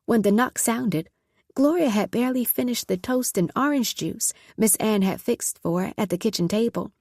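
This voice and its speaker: A woman narrating a story in a measured, scripted audiobook reading. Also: on the high side, a little mellow, no room sound, clean studio sound.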